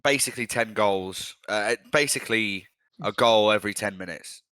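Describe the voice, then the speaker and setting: A young man talks football in a loose, rambling, sweary way. His voice sits low. It is recorded dry and close, with no room sound. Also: moderate pace, pushed and bright, smooth, dry recording. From England. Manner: blunt, sweary, rambling fan talk. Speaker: podcast co-host. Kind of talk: casual football chat.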